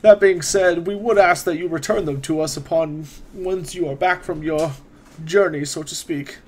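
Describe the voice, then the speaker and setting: A man's voice: a little high, normal speed, a little hiss or hum, close to an everyday voice. A man voicing a scholarly, courteous older wizard who speaks in formal, old-fashioned phrases.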